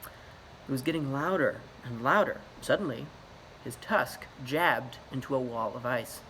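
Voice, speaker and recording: Male author reading a picture book aloud, lively storyteller, bright tone. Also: mid-range voice, unhurried, a little hiss or hum.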